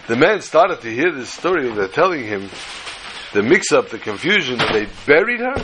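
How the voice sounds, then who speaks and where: A man telling a story to a class in a lively way, repeating phrases and mixing in Yiddish and Hebrew terms. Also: medium pitch, moderate pace, noisy background.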